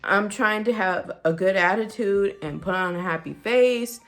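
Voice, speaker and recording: A woman vlogger telling a candid personal story in a chatty, animated way. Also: mid-range voice, normal speed, few pauses, faint music behind. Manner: chatty, animated, with frequent fillers and quoted dialogue.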